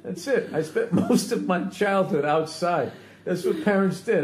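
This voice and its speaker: A man's voice: high-pitched, a little slow. A man in casual banter with a co-host, teasing and profane, stammering when flustered. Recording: roomy echo, faint ambient noise.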